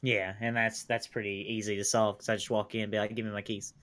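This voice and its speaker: A man's voice: lowish voice, flat delivery, fast, a bit bright, slight background noise. A man co-hosting a podcast, chatting casually, stammering a little and mimicking the people in his anecdote. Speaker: podcast co-host. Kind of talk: casual chat.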